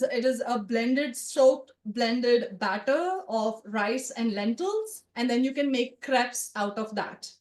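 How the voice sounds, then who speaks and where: Une conteuse d'une quarantaine d'années raconte un souvenir personnel devant un public, sur un ton animé et familier. Sa voix est assez aiguë. La salle renvoie un écho marqué. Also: female voice, a little high, roomy sound. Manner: conversational, animated, with asides to the audience. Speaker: storyteller. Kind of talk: personal storytelling to a live audience. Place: event room with a live audience.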